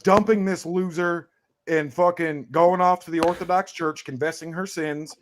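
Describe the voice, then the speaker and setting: A man's voice: fairly high pitch, fairly even intonation, moderate pace, a little hiss or hum. A man on a live discussion panel, blustering and provocative, swearing constantly as he argues. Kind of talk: heated casual debate.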